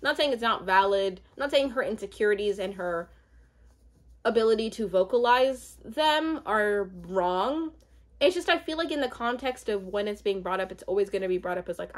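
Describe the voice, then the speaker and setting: A woman's voice: medium pitch, animated, normal speed. A young woman in casual chat, rambling with many fillers and asides as she recaps a reality show.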